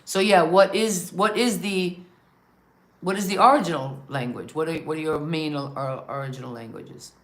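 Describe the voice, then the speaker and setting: A woman's voice: low voice, normal speed. A woman hosting an interview in casual chat, asking long, rambling questions. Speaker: interview host.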